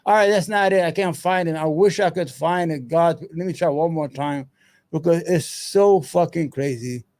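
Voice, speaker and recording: A man's voice: on the high side, moderate pace, darkish tone. A man hosting his own commentary show, talking loosely and profanely, muttering to himself as he searches for things between points. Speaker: solo commentary host. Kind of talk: rambling casual commentary.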